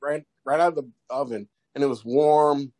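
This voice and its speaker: A man guest on a podcast, telling goofy stories in a rambling, animated way with many restarts. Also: medium pitch, moderate pace. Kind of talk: casual storytelling.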